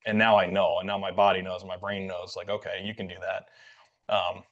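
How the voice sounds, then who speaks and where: A low-pitched podcast host speaks a little fast in a level, slightly bright tone. He tells a loose, rambling story packed with fillers and acted-out quotes, and the lo-fi audio sounds dull.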